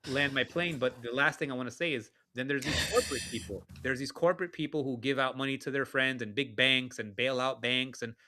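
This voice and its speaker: A man's voice: medium pitch, fairly quick, hardly any pauses, bright, forceful tone, a little hiss or hum. A man co-hosting a talk show, ranting bluntly and cursing as he gives heated political commentary. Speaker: podcast co-host.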